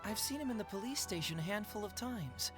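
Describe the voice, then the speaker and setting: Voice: medium pitch, animated, fairly quick, lightly acted. A voice actor playing a cunning, teasing young male detective in a video game. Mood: scheming. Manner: sly, playful, persuasive. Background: game music.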